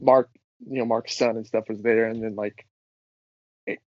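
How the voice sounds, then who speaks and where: A young man who is a podcast guest, chatting in a relaxed way and mostly giving short, agreeing replies. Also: lowish voice, moderate pace, no room sound, lo-fi sound. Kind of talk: casual chat.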